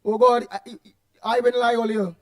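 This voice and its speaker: A man's voice: very high voice, flat delivery, moderate pace, darkish tone. A man hosting a call-in show in a Trinidadian accent, telling stories in Creole with lots of repeated words. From Trinidad and Tobago. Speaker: host. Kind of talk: call-in radio talk.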